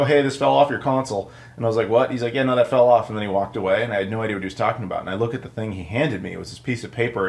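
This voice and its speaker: A man hosting a casual how-to video, talking in a chatty, informal way with lots of asides. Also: on the low side. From United States. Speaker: YouTube host.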